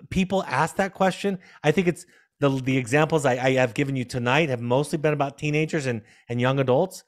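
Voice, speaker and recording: A man in his fifties, a parenting expert, telling a gentle, reflective story during a video call Q&A. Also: medium pitch. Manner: reflective, gentle, with frequent restarts. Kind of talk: storytelling answer in a Q&A.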